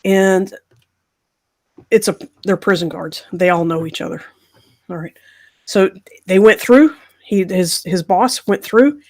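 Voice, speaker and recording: A woman podcast host in casual storytelling, animated and acting out the voices of the people she describes. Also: mid-range voice, takes it slowly, long pauses.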